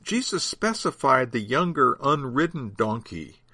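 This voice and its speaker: A man voicing an earnest, slightly nervous older male disciple in a read-aloud Bible story, with a husky voice. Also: medium pitch, big pitch swings, unhurried, sharp tone, dry recording, full character voice. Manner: polite, hesitant.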